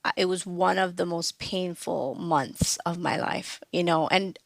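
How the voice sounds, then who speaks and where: A woman's voice: on the low side, steady tone, a little slow, vocal fry, no room sound. A woman, a guest on a podcast, tells a personal story in a conversational way, acting out quoted voices and laughing often.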